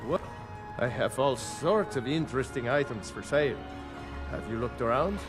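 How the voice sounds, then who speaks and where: An actor playing a bitter, aging shopkeeper and former fisherman in a video game, with a gruff, sour way of complaining. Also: mid-range voice, expressive, moderate pace, lightly acted. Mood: brisk. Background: game music.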